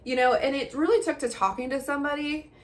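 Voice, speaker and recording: A woman's voice: high voice, quick pace. Chatty woman vlogger. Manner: candid and chatty, with frequent laughs and fillers. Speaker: vlogger, mother. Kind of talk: casual personal vlog talk.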